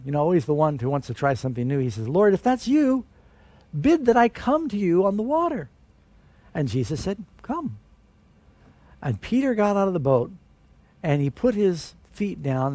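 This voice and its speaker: A man's voice: a little high, dark tone, no echo. A man preaching a sermon, telling stories dramatically and acting out the voices of the people in them. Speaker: pastor.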